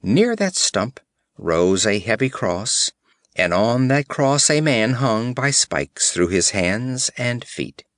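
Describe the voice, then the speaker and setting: A man narrating an adventure audiobook in a measured, vivid storytelling manner on a close studio mic. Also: medium pitch, big pitch swings, a bit bright, no echo.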